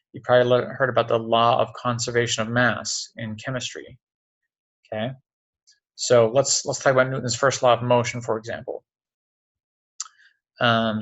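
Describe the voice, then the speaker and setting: A man teaching a science lesson online. He explains step by step, often pauses with "um" and checks in with "okay?". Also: medium pitch, a bit bright, low-quality recording. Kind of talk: recorded online lecture. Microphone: computer mic on a video call.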